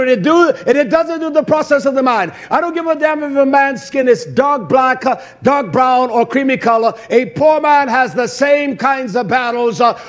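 A man preaching a sermon, telling stories with emphatic repetition and blunt swearing. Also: extremely high pitch. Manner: emphatic preaching, repeats phrases for stress; swears for emphasis and grows louder. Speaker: pastor.

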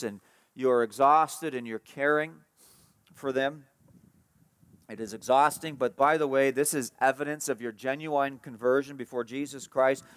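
A man preaching a sermon as pastor, emphatic and repetitive, dropping to a soft hush for tender passages and rising for key points. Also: clear, resonant tone, no room sound, studio quality. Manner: emphatic preaching, repeats key phrases, rises in pitch and force when stressing points.

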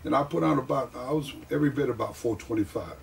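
A man telling stories from his wrestling career in a casual interview, animated and often laughing. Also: medium pitch, fast, creaky, recorded from a distance, a little hiss or hum. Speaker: guest, wrestler.

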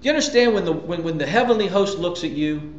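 A man's voice: high voice, expressive, fast talker, a little hiss or hum. Emphatic preaching man, roomy lo-fi sound. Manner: emphatic, conversational preaching with repetitions and rhetorical questions. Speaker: pastor. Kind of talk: sermon.

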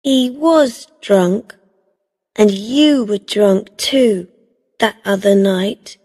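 A woman voicing a defensive young female street scammer in a storybook reading, pitched high and sharp. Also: drawn-out words, slightly rough. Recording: long reverb.

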